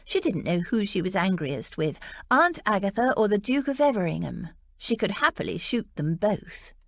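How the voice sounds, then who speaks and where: A woman narrating an audiobook with expressive storytelling. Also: medium pitch, moderate pace, creaky, no room sound. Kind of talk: scripted narration.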